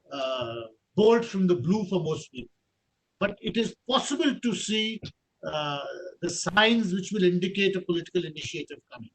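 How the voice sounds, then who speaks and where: A man with an Indian English accent giving a formal policy lecture over a video call, measured and halting, with frequent "uh" fillers. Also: sits high, a bit bright, rough recording. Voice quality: measured, with many pauses and 'uh' fillers.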